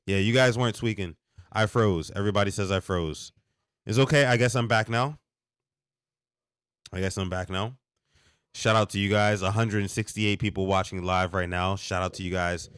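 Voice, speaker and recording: A hoarse young man, a bit sick, hosts a late-night live sports reaction stream from close to the mic. His voice sits low, and he rants with animated exasperation, stumbling and restarting as he goes. The sound is dry, with no room behind it. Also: dry recording. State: hoarse, under the weather. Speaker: podcast host.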